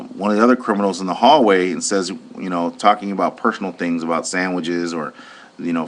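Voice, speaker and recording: Man, security guard, recounting an incident, plain-spoken, lowish voice. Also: a bit bright. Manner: plain-spoken, retells with acted-out quotes. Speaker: private security officer.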